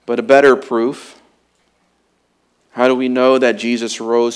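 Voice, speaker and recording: A man preaching a sermon as pastor, emphatic and urgent, swinging from loud declarations to hushed, quiet passages. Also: mid-range voice, little pitch movement, unhurried, long pauses, clean tone.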